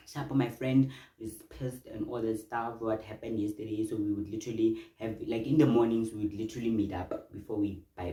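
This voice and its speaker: Animated young man vlogging. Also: mid-range voice. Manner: animated, exclamatory, chatty asides to viewers. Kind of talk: storytime vlog. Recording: roomy room with faint noise.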